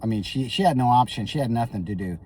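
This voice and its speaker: A man's voice: medium pitch, lively intonation, fast, darkish tone, far from the mic, a little hiss or hum. A man rambling through a comic monologue in character, stammering and repeating himself. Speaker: comedic storyteller.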